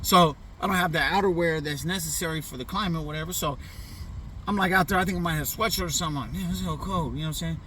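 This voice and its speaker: Racing along in a fairly high, bright, forceful voice, a middle-aged Pacific Northwest vlogger shares a funny story from his childhood. He talks in loose, profane slang, repeatedly dropping "you know what I'm saying," and the distant mic adds a little hiss or hum.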